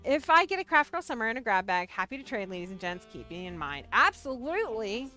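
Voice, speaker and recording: A woman's voice: a little high, big pitch swings, fast talker, sharp tone, soft background music. A woman hosting a casual livestream, bubbly and playful, chatting straight to her viewers. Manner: bubbly, playful, talks to chat. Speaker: livestream host.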